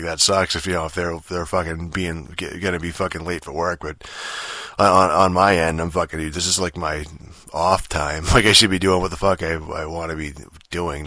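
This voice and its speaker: Deep-voiced young man on a rambling rant. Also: bright, forceful tone, no room sound, clean studio sound. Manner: rambling and profane, full of fillers; exasperated and annoyed. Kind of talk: casual rant telling a story.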